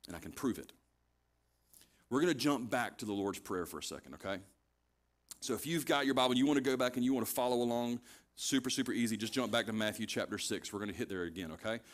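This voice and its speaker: A man's voice: medium pitch, fast talker. A man preaching a conversational sermon as pastor, retelling scripture scenes casually and pressing his points with repetition.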